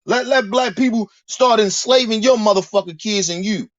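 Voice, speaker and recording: A man's voice: high-pitched, normal speed, no room sound, lo-fi sound. A man delivering a heated, profane monologue rant, preaching and repeating himself as he builds his points. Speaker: commentator.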